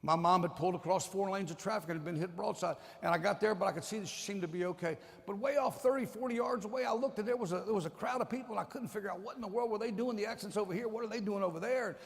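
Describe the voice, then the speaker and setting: Testimony speaker: man, fairly high voice with gravel, emotional storytelling, long church-hall reverb. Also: racing, hardly any pauses. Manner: emotional storytelling, swings from loud to hushed. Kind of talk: sermon testimony. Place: church sanctuary.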